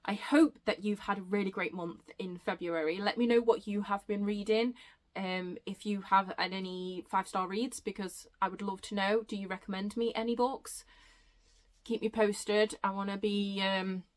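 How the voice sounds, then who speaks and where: Excitable woman gushing about books. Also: mid-range voice, moderate pace. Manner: excitable, gushing, rambling with self-interruptions. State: out of breath. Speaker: book vlogger. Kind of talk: casual chatty book review.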